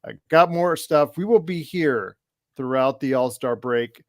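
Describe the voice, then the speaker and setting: A man's voice: medium pitch, measured pace, no echo. Dry-sounding man hosting a sports podcast. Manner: teasing, upbeat, wraps up segments. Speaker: podcast host. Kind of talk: casual sports talk banter.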